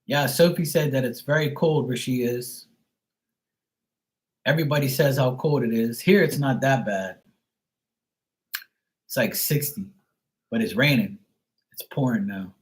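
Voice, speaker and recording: A man's voice: medium pitch, measured pace, pauses often, low-quality recording. A man from Bermuda ranting on a live stream, swearing often, exasperated and restarting his sentences. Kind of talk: casual live-stream rant.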